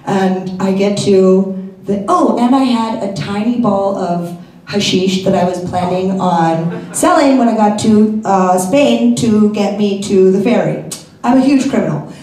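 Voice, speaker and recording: A woman telling a comic personal story on stage, animated, acting out the scenes in quick bursts. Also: medium pitch. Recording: echoey hall, heard from a distance.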